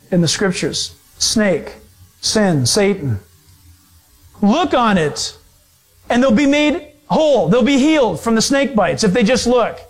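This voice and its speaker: A man preaching a sermon, telling stories in an animated way, laughing often and restarting his sentences. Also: sits high, rough recording.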